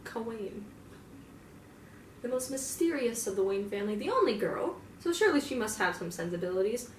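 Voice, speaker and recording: A woman's voice: on the high side, sing-song, moderate pace. A young woman rambles through a casual in-character monologue, swearing freely and scattering filler words as she goes. She sits some distance from the mic in an echoey room, with a faint hum of ambience behind her. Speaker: fan roleplayer.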